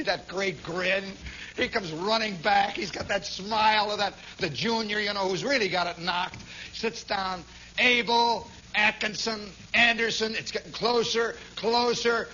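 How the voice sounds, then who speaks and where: A man telling a long personal story as a radio monologue, animated, swinging from hushed to shouting. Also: sits high, muffled recording, slight background noise.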